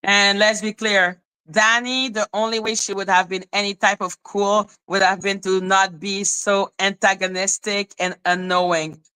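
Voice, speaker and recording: A woman's voice: medium pitch, little pitch movement, a little slow, hardly any pauses, sharp tone, clear, resonant tone, no room sound, low-quality recording. A woman hosting a commentary channel, ranting in an exasperated, profane and mocking way and repeating questions in disbelief.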